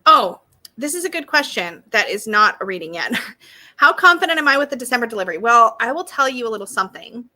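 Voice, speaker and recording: A bubbly woman with a lilt hosts a casual live stream, chatting with viewers as she goes. Her voice sits a little high and has a bright, forceful edge. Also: lively intonation, fast talker. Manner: bubbly, chatty, reads viewer comments aloud. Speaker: creator hosting a live launch stream.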